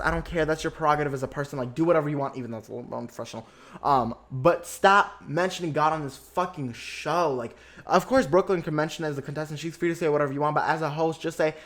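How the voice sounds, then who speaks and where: Young guy podcast host, sassy gossipy recap, swears a lot, kinda high voice. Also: a bit bright. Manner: sassy, gossipy, swears freely, exaggerated asides. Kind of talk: casual reality-TV recap.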